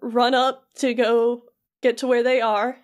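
A woman's voice: fairly high pitch, flat delivery, clear, resonant tone. A young woman co-hosting a podcast, recapping a video game in loose, rambling chat full of fillers, briefly voicing the characters. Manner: rambling, filler-heavy storytelling with quick voiced asides. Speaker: podcast co-host.

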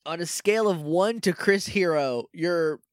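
A man's voice: on the high side, a little slow, dry recording, studio quality. A man co-hosting a podcast, recapping an episode in casual chat and acting out characters in funny voices. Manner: animated, does silly voices for characters. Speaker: podcast co-host.

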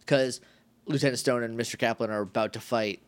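A man's voice: medium pitch, steady tone, brisk. A man co-hosting a podcast, casually recapping a TV episode in a rambling, jokey way. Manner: rambling, jokey, acts out quotes. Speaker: podcast co-host.

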